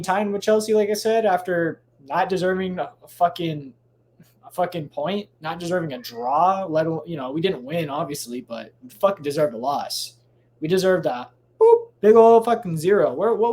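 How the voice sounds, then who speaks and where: A man with a fairly high, somewhat mellow voice hosts a solo podcast, with slight background noise in the recording. It's late at night at home, and he rambles casually with plenty of swearing, restarts, and tangents.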